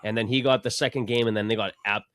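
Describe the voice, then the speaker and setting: A male podcast co-host talking sports in loose, profane banter. He speaks quickly and mocks people with little put-on quotes. The recording is dry and close on the mic. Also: fairly low pitch, steady tone, a bit bright, no room sound. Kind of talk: casual sports chat.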